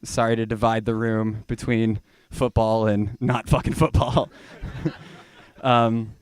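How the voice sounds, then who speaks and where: A man's voice: lowish voice, flat delivery, slow pace, clean tone, no room sound. A young man from Georgia doing a rambling, profane stand-up set in a small venue. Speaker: stand-up comedian.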